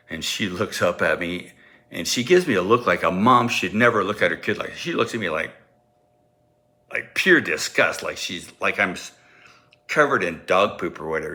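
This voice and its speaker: Bright-voiced man telling a funny story. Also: low voice. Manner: animated, acts out sounds and voices. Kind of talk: comic personal storytelling.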